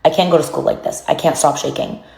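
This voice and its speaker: A woman narrating as she reads journal passages aloud in a solemn, even way. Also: low voice, quick pace, vocal fry, echoey room. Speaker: narrator reading documents.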